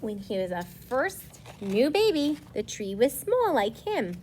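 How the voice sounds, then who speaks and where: A young woman reads a picture book aloud to small children, stopping to explain it in simple words. She speaks slowly and patiently, and her slightly high voice rises and falls expressively. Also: slight background noise. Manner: slow, explanatory, expressive storytelling. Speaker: preschool teacher.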